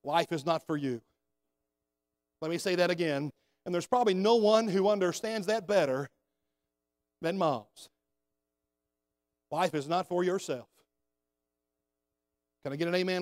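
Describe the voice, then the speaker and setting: High-voiced man preaching a sermon. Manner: preaching with rising emphasis, calls for amens. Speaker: senior pastor. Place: church sanctuary.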